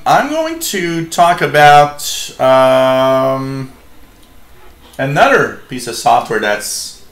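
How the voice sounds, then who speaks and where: A man with as his hosts a live hobby radio stream, talking slowly and loosely, full of ums and restarts. His voice sits at a middle pitch and rings in a roomy, echoey space. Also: a bit bright. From Canada. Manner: rambling, many fillers and restarts. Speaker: shortwave radio show host. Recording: echoey room.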